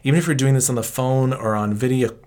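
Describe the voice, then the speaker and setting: A man in a mid-range voice, neither high nor low, talks through advice as a trauma counselor. His delivery is calm and explanatory, with a reassuring, counseling manner as he lays out practical steps. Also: quick pace, clean tone. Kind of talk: interview answers.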